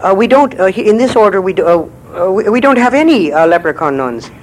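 A calm, patient mother superior answers gently and hesitantly, as a man voices her in a joke. The voice drops lower and softer than his usual delivery. Faint noise sits beneath it. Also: quick pace, poor audio.

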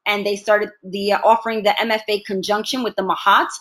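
A woman actress being interviewed, telling stories in an animated way and laughing often. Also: mid-range voice, fairly quick. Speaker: actress, guest. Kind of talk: casual interview conversation.

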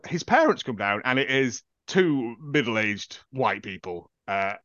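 Dry, lo-fi man with a lively voice. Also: mid-range voice, measured pace, no room sound. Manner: jokey, swears, acts out scenes in quoted voices. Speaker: podcast co-host. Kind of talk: casual chat reviewing a film. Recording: dull lo-fi dry sound.

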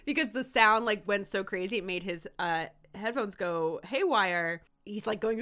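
Speaking at normal speed in a mid-range voice, this podcast co-host casually recaps a TV episode. She tells it with animation, performing the quotes as she goes.

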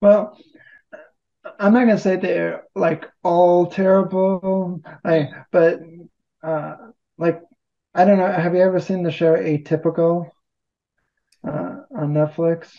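A man's voice: high voice, little pitch movement, slow pace, vocal fry, pauses often, dull audio. A man talking casually as an interview guest, rambling and poking fun at himself. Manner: rambling, self-deprecating humor. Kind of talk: casual conversation.

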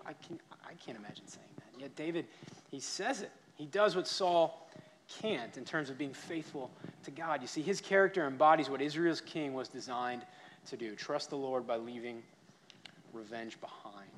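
A man preaching a sermon, telling stories and shifting between loud emphasis and quiet asides. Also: mid-range voice, moderate pace. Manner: storytelling, varies loudness for emphasis. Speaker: pastor.

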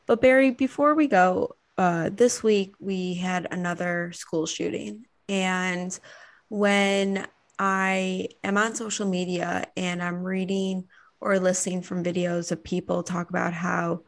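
A woman hosting a podcast interview, speaking earnestly with halting fillers. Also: lowish voice, creaky. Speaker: podcast host.

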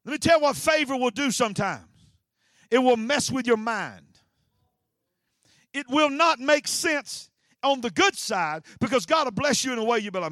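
A man, a pastor preaching an energetic sermon with frequent shouts and repeated phrases. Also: extremely high pitch, moderate pace, pauses often, no echo, studio quality.

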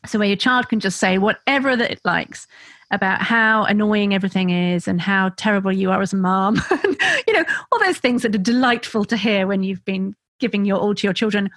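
A woman's voice: mid-range voice, brisk, no room sound. A woman co-hosting a casual parenting podcast, talking freely and laughing, now and then acting out what children and parents say. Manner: warm, laughing, acts out children's and parents' voices. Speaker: podcast co-host.

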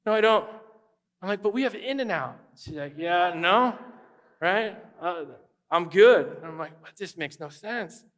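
A man preaching a conversational sermon as pastor, animated and acting out quoted voices. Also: high voice, measured pace.

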